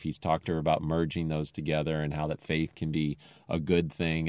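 A man's voice: a bass voice, dry recording, studio quality. A man casually retelling a television episode in a rambling, thoughtful way with many fillers.

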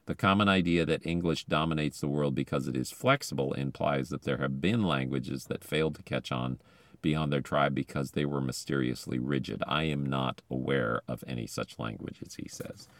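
A man's voice: a bass voice, fairly even intonation, normal speed, dry recording. A man hosting a show, reading an article aloud from his car and breaking in with chatty, enthusiastic asides. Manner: chatty, enthusiastic commentary between quoted passages. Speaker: podcast host.

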